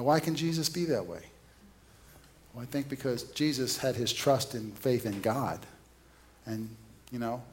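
Male preacher, conversational sermon, storyteller who questions his listeners. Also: mid-range voice.

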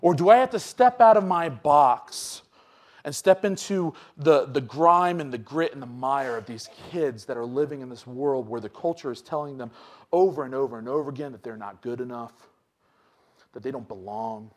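A young man preaching a sermon, dropping to low asides and then rising to loud, emphatic scripture reading. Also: normal speed.

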